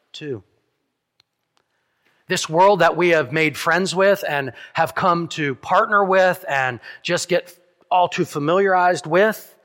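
A man preaching a sermon as pastor, earnest, dropping softly on key lines and speeding through asides. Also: fairly high pitch. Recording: long hall reverb.

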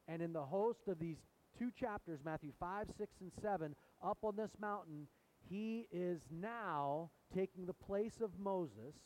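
In a church sanctuary, a pastor preaches an animated sermon, putting questions to the congregation as he goes. His voice is high-pitched and unhurried, and the recording is rough.

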